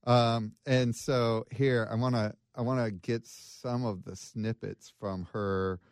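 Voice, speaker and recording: A man hosting a casual podcast chat, recounting a true crime case with many pauses and restarts. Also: medium pitch, fairly even intonation, clean tone, no echo, studio quality. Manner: hesitant, many fillers and restarts. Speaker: podcast host.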